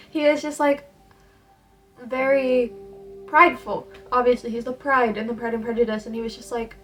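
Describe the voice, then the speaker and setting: Animated young woman reviewing a book. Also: a little high, normal speed. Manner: animated, slangy and emphatic. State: tired. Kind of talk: casual book review vlog. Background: faint background music.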